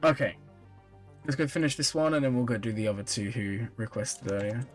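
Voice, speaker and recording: A man's voice: mid-range voice, fairly quick, faint music behind. A tired man chatting casually on a live stream, answering viewers' questions. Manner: relaxed, chatty, reads and answers chat comments with small laughs. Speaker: streamer reviewing viewers' game accounts.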